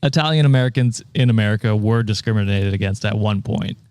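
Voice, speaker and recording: Giggly low-voiced male podcaster, dry sound. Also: fast, a little mellow, dry recording. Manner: rambling, giggly, many ums and uhs. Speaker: podcast co-host. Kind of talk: casual podcast chat.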